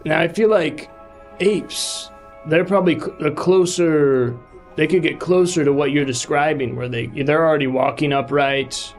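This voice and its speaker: A man performing improv comedy, teasing his scene partner with dry, deadpan questions. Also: a little high, normal speed, soft background music.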